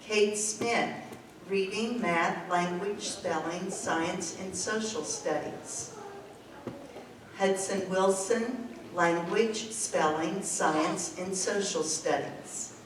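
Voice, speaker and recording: A woman teacher reading out award winners and subjects in a slow, measured way at a school ceremony. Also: mid-range voice. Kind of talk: reading out a list of names. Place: school gym or hall. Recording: echoey hall, distant mic, room noise.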